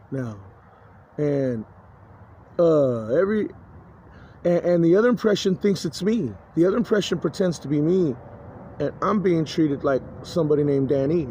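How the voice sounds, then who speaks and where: A man's voice: on the high side, warm tone. A man giving a rambling, agitated personal monologue, cursing and stumbling through many restarts. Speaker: vlogger. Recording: dull lo-fi recording, faint noise.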